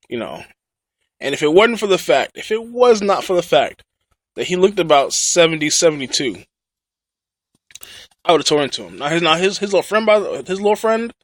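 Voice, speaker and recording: A man's voice: fairly high pitch, dry recording. Indignant man venting. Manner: rambling, frequent restarts, indignant. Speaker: vlogger. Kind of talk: casual storytelling rant.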